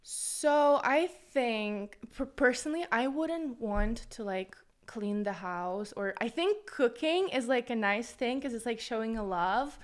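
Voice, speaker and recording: A woman's voice: a little high, animated, unhurried, few pauses. A young woman guest on a podcast, talking candidly and bluntly in casual chat, with lots of fillers.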